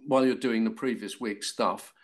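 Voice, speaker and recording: Older London man telling anecdotes. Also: on the low side. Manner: anecdotal, halting with fillers and restarts. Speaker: actor guest. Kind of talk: casual interview chat.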